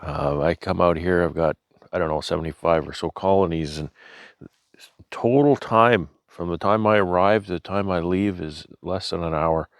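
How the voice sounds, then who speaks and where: A man's voice: sits low, normal speed, dry recording, clean studio sound. A man with a Canadian accent hosting a beekeeping vlog, talking in an easygoing, rambling way with lots of fillers and restarts. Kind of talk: casual show-and-tell narration.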